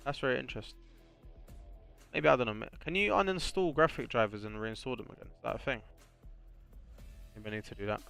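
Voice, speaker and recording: A man's voice: medium pitch, brisk, vocal fry, long pauses, fairly bright tone, soft background music. A young English man streaming live, talking casually and rambling with lots of fillers as he chats with viewers. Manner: rambling, chatty, full of fillers. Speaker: streamer and competitive gamer.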